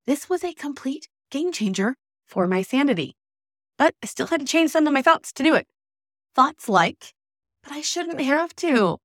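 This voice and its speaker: Lively, emphatic woman podcast host. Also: high-pitched, normal speed, no room sound, studio quality. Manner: emphatic, exasperated storytelling. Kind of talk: personal monologue podcast.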